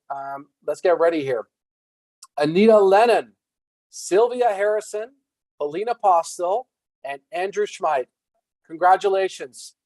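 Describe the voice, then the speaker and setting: An upbeat male host announces prize winners at an online event, casual and full of fillers. His voice is fairly high for a man. The sound is dry, with no room echo. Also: a little mellow. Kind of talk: hosting a virtual award night.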